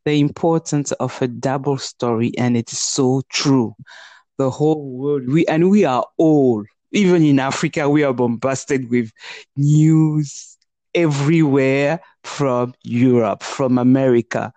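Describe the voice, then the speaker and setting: A woman's voice: a bass voice, mellow, dry recording. An earnest Congolese woman speaks English with a French accent, co-hosting a casual podcast. She often halts and restarts mid-thought. Her voice is close and dry, with no room sound. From Democratic Republic of the Congo. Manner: earnest, halting, with many restarts. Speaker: podcast co-host.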